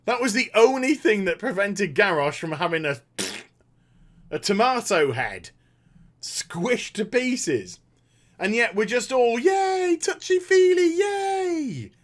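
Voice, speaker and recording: This man, a gaming commentator, rants about a game's plot with sarcasm, swearing freely and making fun of the characters. His voice is high and a bit bright with big pitch swings, but he speaks unhurriedly, and the whole thing is an animated opinion piece.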